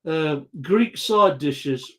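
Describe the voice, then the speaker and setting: A man's voice: fairly high pitch, animated, extremely slow. A British man hosting a casual live chat quiz, joking and reading out viewer comments. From Britain. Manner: jokey, reads viewer comments aloud. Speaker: host.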